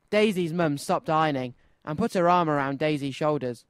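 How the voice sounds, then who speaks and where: A man presenting a children's radio show, reading a story aloud with an expressive, lively delivery. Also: a little high, moderate pace, clean tone, no echo. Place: radio studio.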